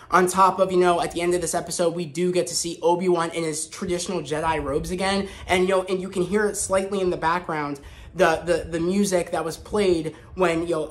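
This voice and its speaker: A man hosting a casual spoken review vlog, talking in an excited, rambling way with frequent restarts. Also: on the high side. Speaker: host.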